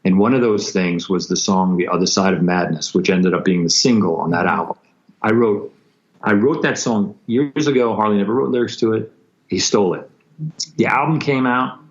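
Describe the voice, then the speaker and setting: A man recounting a painful story as a podcast guest, intense and halting, with frequent restarts and acted-out quotes. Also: on the low side. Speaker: guest musician. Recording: dull lo-fi sound.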